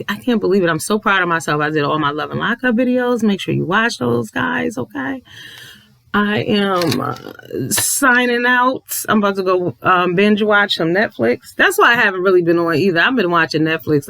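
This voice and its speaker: A father who vlogs commentary lectures his audience from home late at night, swearing and hammering his points through repetition. The high voice has vocal fry and a sharp edge, and the recording is dry and rough.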